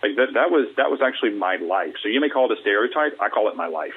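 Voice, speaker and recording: A man from the US Deep South, a mental wellness coach, talking earnestly and acting out quoted small talk. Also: lively intonation, fast talker, a little hiss or hum. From Alabama, US Deep South. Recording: tinny phone line, husky.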